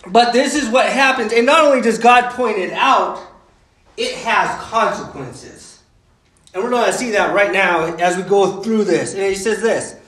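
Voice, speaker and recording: High-voiced man preaching a casual sermon. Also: a bit bright, reverberant, low-quality recording. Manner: conversational, with filler words and frequent "right?" asides. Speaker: pastor.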